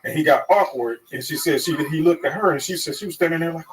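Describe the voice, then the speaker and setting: A comedian telling a story in casual talk, crude and animated, acting out what others said. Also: male voice, high voice, rapid-fire, crowd noise. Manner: animated, crude, acts out quotes. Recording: distant mic.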